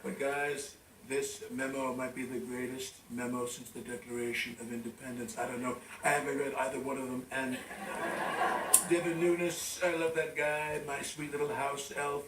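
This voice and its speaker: A man's voice: medium pitch, flat delivery, normal speed, distant mic, very noisy, close to an everyday voice. A man playing a boastful, rambling male president who is out of breath, in a sketch comedy impression. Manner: pompous, self-praising, rambling asides. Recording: roomy studio, from off mic, loud audience laughter.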